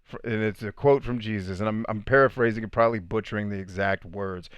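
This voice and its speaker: A man's voice: on the low side, steady tone, fast talker, clean tone, dry recording. A man hosting a live podcast stream, reading comments and giving blunt, preachy opinions. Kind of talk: livestream chat.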